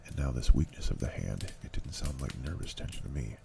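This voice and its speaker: A man reads a novel aloud in a slow, low ASMR style, his voice extremely deep and full of vocal fry. Keyboard clicks come through clearly behind him. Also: expressive, recorded from a distance, background noise. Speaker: ASMR channel reader. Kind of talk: ASMR audiobook reading.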